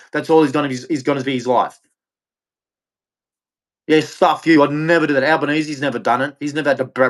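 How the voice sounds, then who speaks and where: A man with an Australian accent, ranting angrily and swearing often as he repeats himself. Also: fairly high pitch. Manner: agitated, profane, repetitive. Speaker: streamer. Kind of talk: angry rant.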